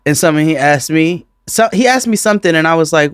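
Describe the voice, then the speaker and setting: A man co-hosting a podcast in casual chat, animated and profane, often breaking into laughter. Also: fairly high pitch, fast talker, clear, resonant tone, dry recording, studio quality. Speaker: podcast co-host.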